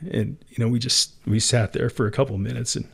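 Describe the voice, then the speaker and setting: A man's voice: mid-range voice, steady tone, fast talker, vocal fry, slightly rough. A middle-aged man as an interview guest, telling a personal story candidly, emotional at times and laughing often. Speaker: entrepreneur guest.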